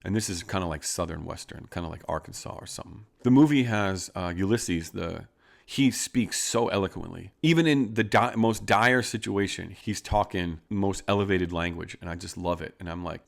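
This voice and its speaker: A man, a playwright, reading his script aloud and musing quietly to himself about word choice and rhythm. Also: moderate pace, vocal fry. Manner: musing, low-key self-talk, hums rhythms.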